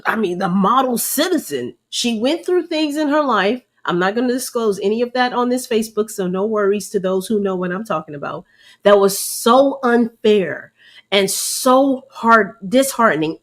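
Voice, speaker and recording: A woman leading a ministry, giving a candid, emotional live testimony and preaching, calling her listeners y'all. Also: medium pitch. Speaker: ministry leader.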